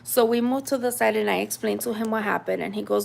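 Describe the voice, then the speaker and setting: Woman, 30s, American, casual storyteller; raspy fry throughout, chatty and animated. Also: mid-range voice, quick pace, hardly any pauses, a little hiss or hum. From United States. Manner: chatty, animated retelling with many fillers.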